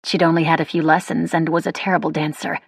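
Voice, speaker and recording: A woman reads an audiobook in a measured, wry way. Her voice is low and husky. It is close-miked and dry, with no room sound. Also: level tone, dry recording. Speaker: audiobook narrator. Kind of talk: scripted narration.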